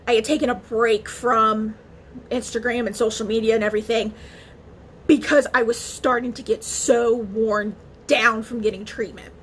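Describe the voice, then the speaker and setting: A woman's voice: fairly high pitch, a bit bright, a little hiss or hum. A woman vlogger talking casually to camera in a chatty, emotional way, with many fillers and restarts. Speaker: beauty vlogger.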